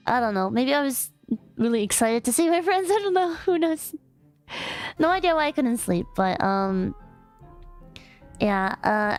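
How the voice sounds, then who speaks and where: A young woman streaming a casual chat, hoarse and raspy from losing her voice, talking in a bubbly, rambling way. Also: a little high. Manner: bubbly, chatty, rambling with frequent laughs. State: hoarse, voice partly gone. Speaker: VTuber streamer.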